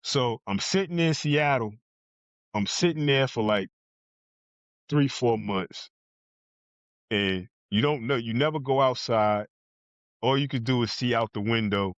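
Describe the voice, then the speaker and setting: A man's voice: medium pitch, a little slow, pauses often, no echo, highs cut off. A man from New Jersey telling a blunt, profane story as a podcast guest and acting out other people's lines. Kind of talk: casual storytelling.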